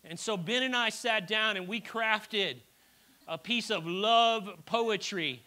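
A man's voice: high-pitched, slow, pushed and bright. A middle-aged man preaching a sermon in a church, telling personal stories in a chatty way with frequent restarts and stammers. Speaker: pastor.

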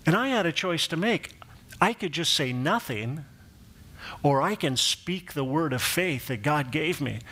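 Male pastor, middle-aged, preaching with lively storytelling, slightly higher-pitched voice, acts out the voices in his anecdotes. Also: a little slow. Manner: animated storyteller, acts out quoted voices, laughs at his own jokes. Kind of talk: sermon with personal storytelling.

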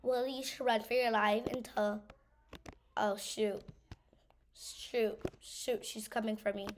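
A woman's voice: a little high, fairly even intonation, slow, slight background noise. A woman giving casual gameplay commentary, teasing and saying "bro" a lot. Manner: teasing, says "bro" a lot, scared outbursts. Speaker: gamer.

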